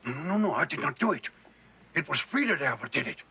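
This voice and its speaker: A man's voice: on the high side, sing-song, brisk, very noisy. An actor playing a feeble old male professor who hides a villainous past, wry and evasive. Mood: sly. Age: older.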